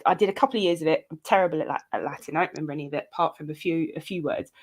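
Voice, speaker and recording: A woman chatting as a guest, animated and quick to laugh, often acting out scenes she describes. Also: deep voice. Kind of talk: casual chat.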